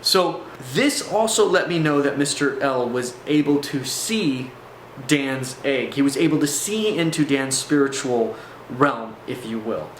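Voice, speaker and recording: A man's voice: medium pitch, a little hiss or hum. A man telling a personal spiritual testimony to camera, earnest and intense, often restarting his sentences. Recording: echoey room.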